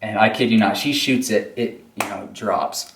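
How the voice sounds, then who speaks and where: A man's voice: fairly low pitch, steady tone, normal speed, a bit bright, reverberant, a little hiss or hum. A man being interviewed about hunting, chatting casually and laughing often as he tells his stories. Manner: laid-back storyteller, laughs often, fillers like "you know what I mean". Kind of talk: casual chat. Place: indoors in a room with mounted deer.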